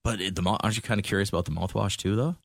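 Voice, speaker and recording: A man co-hosting a morning radio show, animated and quick to react, often in disbelief. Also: on the low side, vocal fry, no echo, clean studio sound. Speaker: radio co-host. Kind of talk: casual morning radio chat.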